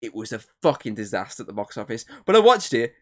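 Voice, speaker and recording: A man's voice: mid-range voice, sing-song, fast. A man co-hosting a podcast, chatting casually, rambling with lots of filler words and swearing. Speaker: podcast co-host. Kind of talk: casual chat.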